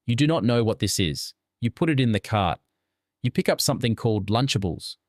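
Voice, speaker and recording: Deadpan low-voiced male narrator. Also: no room sound, clean studio sound. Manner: steady deadpan storytelling. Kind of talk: scripted second-person narration.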